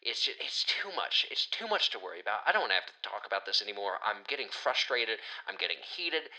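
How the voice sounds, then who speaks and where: A young man hosting a podcast, ranting through a profane, rambling solo monologue that swings from heated outbursts to hushed asides. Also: fairly low pitch, big pitch swings, fast talker, poor audio. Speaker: podcast host.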